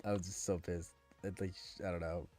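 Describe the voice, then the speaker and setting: A man's voice: low-pitched, level tone, fairly quick, darkish tone, faint music behind. Man ranting casually to his stream. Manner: ranting, exasperated, restarts often. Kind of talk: casual chat with stream viewers.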